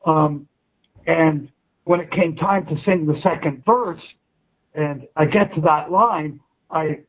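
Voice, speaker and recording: Slow and fairly high-pitched, a man talks as the musician guest in a laid-back interview over a tinny phone line. He rambles with frequent restarts and plenty of swearing.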